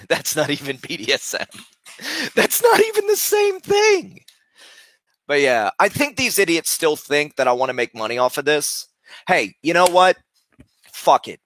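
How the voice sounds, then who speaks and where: A man live streaming, talking casually and loudly berating people with heavy profanity. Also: a little high, animated, normal speed, no echo.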